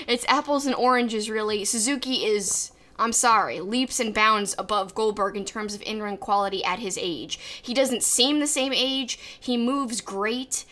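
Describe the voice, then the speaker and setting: A woman co-host talks in a relaxed podcast chat. She is animated and emphatic, with a voice pitched somewhat high. She argues her points firmly. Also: unhurried. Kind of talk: casual wrestling podcast chat.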